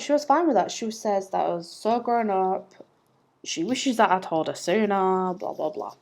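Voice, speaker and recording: A woman's voice: medium pitch, animated, moderate pace, vocal fry, darkish tone. A young woman telling a personal story to camera in a chatty, rambling way, laughing at herself. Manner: chatty and rambling, with fillers and self-mocking laughs. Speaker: vlogger.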